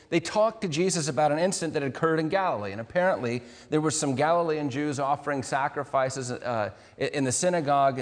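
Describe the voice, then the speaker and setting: Guy preaching a sermon, emphatic, repeats himself for weight, slightly high voice, big echoey hall. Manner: earnest preaching with emphatic repetitions and small restarts. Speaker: pastor. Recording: long hall reverb.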